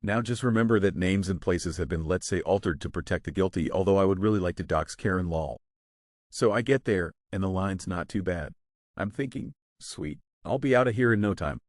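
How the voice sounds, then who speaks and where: A man with a fairly low voice tells a first-person story in a casual, wry storytelling manner. The recording is dry and close, with no room sound. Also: a little fast, a little mellow, dry recording. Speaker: story narrator.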